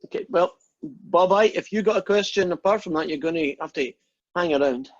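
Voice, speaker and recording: A man's voice: sits high, brisk. A male lecturer talking informally to his class over a video call, rambling and joking between explanations. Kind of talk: online lecture with jokes and Q&A. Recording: husky voice, dull lo-fi audio.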